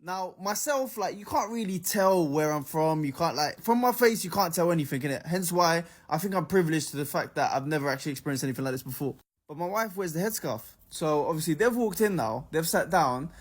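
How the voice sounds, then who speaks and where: Twenties London man, storytime vlogger, lively, slightly high voice. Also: fairly quick. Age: 20s. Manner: animated, slangy. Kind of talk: storytime vlog.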